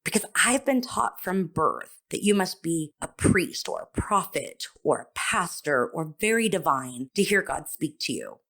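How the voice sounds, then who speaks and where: Woman, deep voice, podcaster, personal testimony, expressive and self-mocking. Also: measured pace, gravelly, hardly any pauses. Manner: expressive, self-deprecating, acts out her own thoughts. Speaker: author and podcaster.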